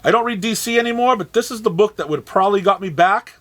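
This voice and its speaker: With a voice that sits high and sounds a bit bright, a man goes over the week's new comic releases at a shop. He keeps it casual, tossing in sarcastic asides and halting restarts.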